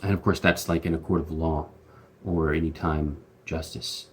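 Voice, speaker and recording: A man with a low voice talks through scripture in a loose, conversational style, full of slang and restarts. There is a faint hiss behind him. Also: steady tone, normal speed. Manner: chatty, slangy, frequent fillers and restarts. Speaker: host. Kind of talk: casual Bible commentary.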